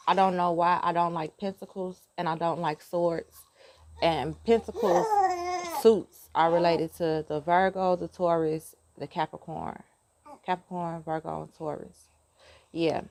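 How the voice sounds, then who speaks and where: A woman's voice: lowish voice, a little mellow. A woman chatting casually to her viewers about a tarot deck. She rambles, laughs often and breaks off to talk to her child. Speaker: tarot vlogger. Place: outdoors. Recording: noisy outdoor recording.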